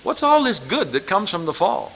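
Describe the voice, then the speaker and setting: A man's voice: high voice, very animated, normal speed, a bit bright, slight background noise. A man preaching a sermon, pressing his listeners with emphatic rhetorical questions.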